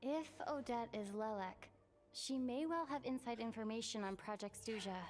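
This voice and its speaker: A woman voicing a determined young female adventurer in a game, calm and reassuring. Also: a little high, normal speed, faint music behind, lightly acted. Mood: resolute. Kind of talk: game dialogue.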